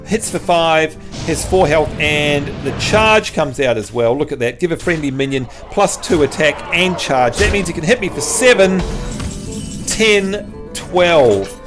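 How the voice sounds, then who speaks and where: A man's voice: fairly high pitch, measured pace, over music. A man from New Zealand with a Kiwi accent tinged with Australian, commenting on a card game while chatting with viewers. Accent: New Zealand with some Australian. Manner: lively, chatty, rises when excited. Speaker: streamer. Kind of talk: game stream commentary with chat.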